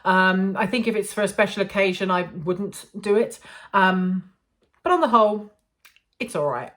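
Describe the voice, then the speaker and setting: A woman's voice: medium pitch, moderate pace, fairly bright tone. A woman, chatting to camera in a casual make-up review, self-amused and full of ums. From England. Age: 40s. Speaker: beauty vlogger.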